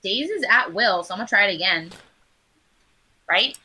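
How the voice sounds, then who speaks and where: A woman's voice: medium pitch, lively intonation, normal speed, sharp tone, poor audio. A woman playing a tabletop game, hesitantly asking questions and restarting her sentences. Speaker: player.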